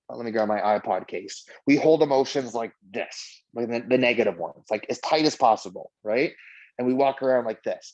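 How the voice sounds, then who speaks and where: A man's voice: mid-range voice, dull audio. Casual man guiding a mindfulness session. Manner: relaxed, conversational, many "like"s. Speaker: mindfulness trainer. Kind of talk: guided meditation workshop.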